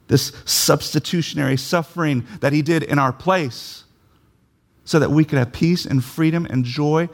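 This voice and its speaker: A man's voice: mid-range voice, gravelly. A man preaching a sermon, emphatic, repeating key phrases and putting questions to his listeners.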